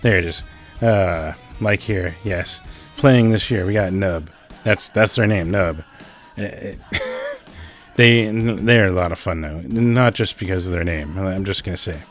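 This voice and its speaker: Low-voiced swearing man, excited podcast host. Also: measured pace. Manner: excited, swears a lot, laughs often. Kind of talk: casual podcast chat. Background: music underneath.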